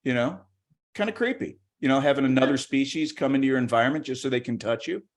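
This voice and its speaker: A man's voice: mid-range voice, fast talker. A man doing stand-up comedy on a video call, chatty and rambling, with plenty of restarts and put-on voices. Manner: chatty, rambling, self-interrupting, acts out voices. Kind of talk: stand-up comedy on a virtual show.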